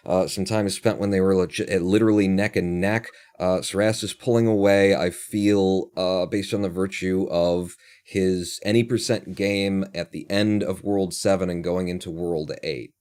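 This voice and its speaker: A man's voice: deep voice, steady tone, moderate pace, few pauses, darkish tone. A man commentating a speedrun race live, chatty and laughing often, with many fillers. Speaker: tournament commentator.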